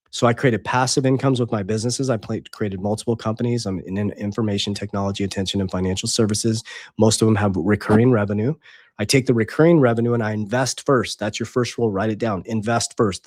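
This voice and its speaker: A man's voice: mid-range voice, darkish tone, dry recording, studio quality. A man coaching viewers on money and investing in a casual monologue, hammering points home and checking in with "okay?". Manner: emphatic, repeats points, adds "okay?". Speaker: finance coach and app co-founder.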